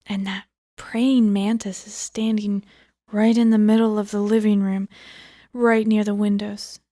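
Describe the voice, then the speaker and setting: A woman reads a book aloud at an unhurried pace, her voice mellow and low in brightness. She often sinks into a hushed whisper as she reads. The sound is close and dry, with no room around it. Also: flat delivery, no echo. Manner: drops often into a hushed whisper while reading. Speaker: audiobook reader. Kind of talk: cold reading of a book aloud.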